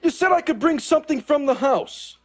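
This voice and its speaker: ALF, a cheeky alien. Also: male voice, extremely high pitch, expressive, brisk. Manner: glib, cheeky excuses. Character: wisecracking furry male alien houseguest, cheeky. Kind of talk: 1980s sitcom acting. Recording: TV clip with loud laugh track and noise.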